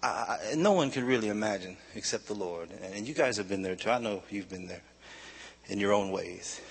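A man preaching a sermon, telling his own story in a confessional way that builds to loud, shouted preaching. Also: on the low side, fairly quick, vocal fry, husky. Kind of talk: sermon testimony.

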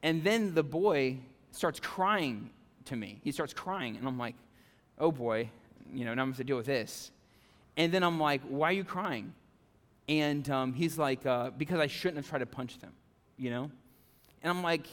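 A male pastor preaching a conversational sermon, animated, with frequent "okay?" and "right?" asides to the congregation. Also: fairly high pitch, moderate pace, in a large hall. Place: church sanctuary.

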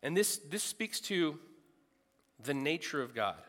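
A man's voice: fairly high pitch, very animated, a little slow, a bit bright, long reverb tail. A man preaching a sermon in a large room, earnest and emphatic, repeating phrases for stress.

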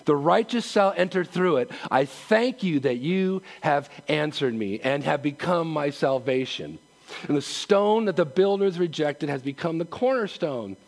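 A male pastor preaching a casual, animated sermon, laughing often and acting out quotes. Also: fairly high pitch, a little slow, gravelly.

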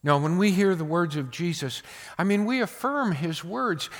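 An older man delivers a sermon from the pulpit, his high voice leaping up and down as he moves from loud, emphatic bursts to quiet asides. He takes his time, and his words ring out in the long reverb of a big hall. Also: animated, normal speed. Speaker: pastor.

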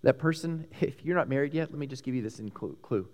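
Preaching fast in a big-sounding room, a Texas-accented pastor with a mid-range voice stays animated and forceful, alternating between booming highs and quiet, hushed moments.

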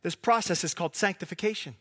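A man preaching a sermon as pastor, earnest, at times dropping to a soft hush. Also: high-pitched, fast talker.

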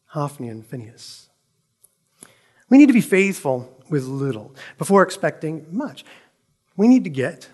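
A man's voice: fairly high pitch, darkish tone. A man preaching a sermon, reading scripture dramatically and asking rhetorical questions with emphasis.

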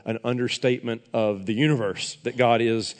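A man's voice: mid-range voice, fairly even intonation, normal speed. A male pastor preaching a sermon earnestly and emphatically, addressing the congregation directly. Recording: long hall reverb.

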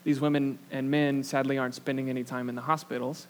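A man's voice: mid-range voice, little pitch movement, fast talker. A young man preaching a sermon, telling a story in a casual, self-deprecating way with lots of fillers. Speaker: pastor. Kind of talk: sermon with a personal anecdote.

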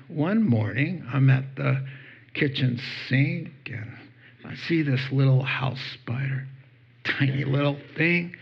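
A man's voice: medium pitch, vocal fry, breathy edge, dull audio. A man preaching a sermon, telling stories with acted-out voices and laughing at his own jokes. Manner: animated storytelling, acts out voices and laughs. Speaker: pastor.

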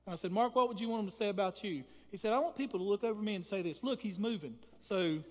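Man preaching, high-pitched voice, emphatic and repetitive, long church reverb. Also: fast. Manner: emphatic, repeats phrases, builds to loud peaks. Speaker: pastor. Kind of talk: sermon with prayer. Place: church sanctuary.

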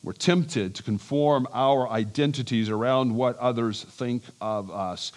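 A man preaching an expository sermon as a pastor, emphatic and animated, with chuckles and restarts. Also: mid-range voice, measured pace.

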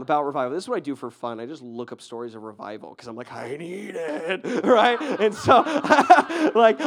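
A male pastor giving a sermon, telling a story in a loose, conversational way, often checking in with "right?" and laughing. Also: high voice.

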